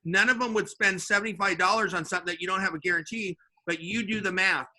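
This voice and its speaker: High-voiced guy with a really bright voice, telling a sales story, does all the voices. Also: fast. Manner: animated, acts out voices in his story. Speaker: sales guest. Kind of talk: storytelling in casual chat.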